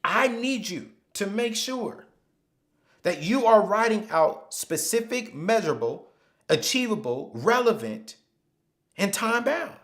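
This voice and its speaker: A man hosting a live finance webinar, speaking emphatically and repeating phrases, sometimes dropping to a hushed storytelling voice. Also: high voice, big pitch swings, takes it slowly. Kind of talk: live motivational money teaching.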